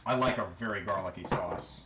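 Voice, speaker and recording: A man with a fairly low voice talks his way through cooking on a livestream, relaxed and full of fillers. His kitchen sounds echoey, with loud noise behind him. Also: brisk. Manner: relaxed running commentary while cooking, with fillers. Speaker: livestream host. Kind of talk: casual cooking livestream chat. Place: home kitchen.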